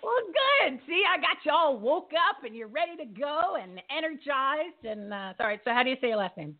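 A woman hosting a live show in an energetic, emphatic way, rallying her audience. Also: high voice, fairly quick. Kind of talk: casual live show talk. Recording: tinny phone-like line.

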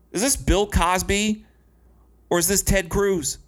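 A man's voice: high-pitched, steady tone, measured pace. A man commenting on a clip in an indignant, sarcastic and profane way. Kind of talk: commentary vlog.

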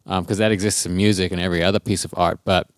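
A man with a very low voice talks loosely on a podcast, circling back and correcting himself as he goes. The sound is dry and close, with no room around it. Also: steady tone, rapid-fire, no room sound. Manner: rambling, self-correcting. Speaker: podcast co-host. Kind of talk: casual chat.

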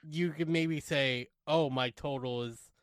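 A man's voice: on the high side, measured pace, a little hiss or hum. A man co-hosting a podcast, telling a story with casual swearing and acting out the people in it. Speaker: podcast co-host.

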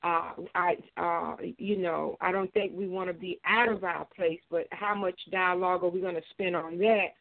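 A woman's voice: lowish voice, fairly even intonation, creaky. Older woman calling in on a tinny phone line. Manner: halting, many hesitations and restarts. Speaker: caller. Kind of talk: call-in radio commentary.

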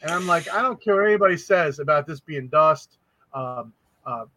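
A man, a podcast guest, telling a spooky personal story in a casual, animated way, acting out the voices of people in it. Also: on the high side, normal speed, slight background noise, low-quality recording. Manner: animated, acts out quoted voices.

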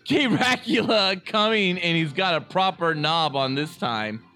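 A man's voice: high voice, animated, bright, forceful tone, soft background music, exaggerated voice. A man voicing a boozy British pub lad in a put-on British accent, stretching out the lines. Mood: mock-British. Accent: put-on British, drifting. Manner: exaggerated, drawn-out delivery.

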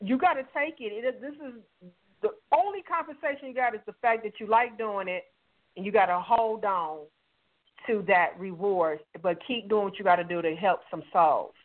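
A woman's voice: mid-range voice, moderate pace. A woman guest author sharing candid personal testimony in an emphatic, heartfelt way over the phone. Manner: emphatic and heartfelt, quotes dialogue. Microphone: telephone call-in. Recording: tinny phone line.

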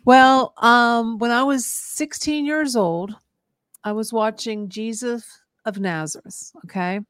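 A woman's voice: a little high, takes it slowly, fairly bright tone, clear, resonant tone, dry recording, clean studio sound. A woman hosting a radio talk show, telling a personal faith story in an earnest, rambling way with many restarts. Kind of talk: casual radio interview, personal testimony.

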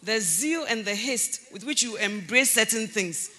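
A woman preaching a sermon in a church, animated, breaking into loud emphasis and laughter as she acts out conversations. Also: a little high, unhurried.

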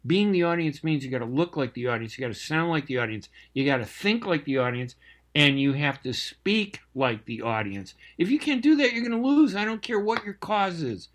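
A man's voice: fairly high pitch, very animated, brisk. An older man, a journalist, speaking in an opinionated monologue, passionate and emphatic, with repetition, frequent fillers and restarts. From Palestinian family.

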